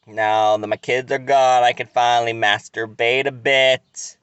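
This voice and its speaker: Slow, crisp-voiced man telling a crude story. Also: medium pitch, steady tone, a bit bright, dry recording. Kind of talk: comic monologue.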